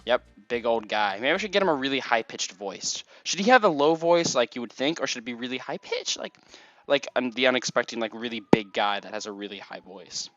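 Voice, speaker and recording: A man's voice: medium pitch, expressive, brisk, fairly bright tone, no room sound, muffled recording, soft background music. A man giving casual, rambling gameplay commentary, full of "like"s. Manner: chatty, rambling, many "like"s. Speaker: let's play gamer.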